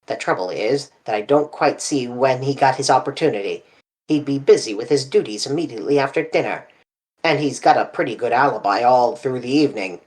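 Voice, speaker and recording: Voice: medium pitch, a little fast, natural voice, poor audio. A reader voicing a businesslike male police inspector in an audiobook, speaking in a matter-of-fact, thoughtful way. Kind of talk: audiobook character reading.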